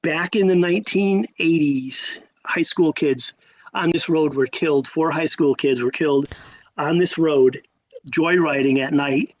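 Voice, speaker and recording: A man in his sixties from Connecticut, telling stories as a podcast guest, animated, with sudden rises and emphatic repeats. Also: a little high, a little slow, rough recording. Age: 60s. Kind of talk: storytelling in a podcast interview.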